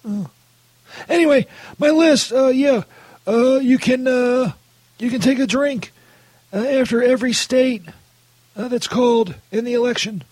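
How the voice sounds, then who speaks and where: A man voicing a crude, irritable saint who swears constantly and keeps saying "Jesus", in a husky voice. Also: very high voice, measured pace, pauses often, darkish tone, no echo, voice pushed up. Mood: indignant.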